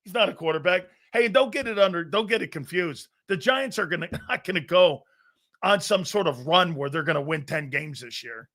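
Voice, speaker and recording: Boisterous, animated man with a high voice. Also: brisk. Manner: boisterous, loud, laughs often, blunt and profane; rambling anecdotes with stop-start phrasing. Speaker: sports talk show host. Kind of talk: live football talk and storytelling.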